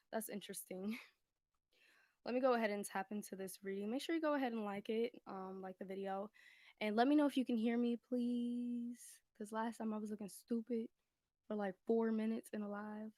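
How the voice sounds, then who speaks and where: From a room at home, a woman runs a casual tarot livestream on her phone, slightly breathless, rambling, chatting and laughing often as she keeps asking whether viewers can hear her. Her voice is medium-pitched and darkish, with no echo.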